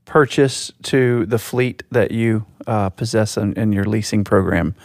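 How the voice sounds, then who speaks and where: A man's voice: on the low side, measured pace, a little mellow. A man co-hosting a podcast in casual chat, easygoing with dry humor. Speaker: podcast co-host.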